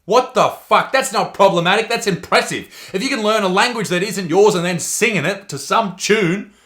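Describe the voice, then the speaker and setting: A man's voice: sits high, moderate pace, fairly bright tone. A man, a comedian giving profane, sarcastic ranting commentary.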